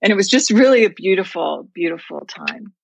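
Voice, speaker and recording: A woman's voice: mid-range voice, animated, a little fast, creaky, breathy edge, dry recording, rough recording. A woman guest telling a personal faith story in an earnest, heartfelt, reflective way. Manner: heartfelt, reflective, speaks of prayer and scripture.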